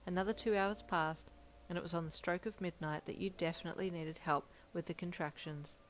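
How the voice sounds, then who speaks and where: A woman narrating second-person romance fanfiction in a gentle, unhurried reading. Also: on the low side, steady tone, slight background noise, rough recording. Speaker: fanfiction reader.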